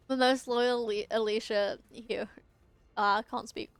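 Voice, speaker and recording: A woman's voice: fairly high pitch, clear, resonant tone, no room sound. A young woman streaming a game, chatting casually with her viewers, giggling and tripping over her words. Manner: giggly, chatty, often talks to chat, trips over words.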